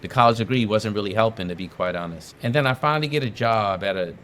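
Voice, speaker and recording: A man's voice: on the low side, fast talker, a bit bright, slight background noise. A middle-aged man from New York telling his story as a podcast guest, emphatic and fond of repeating phrases for effect. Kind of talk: casual storytelling interview.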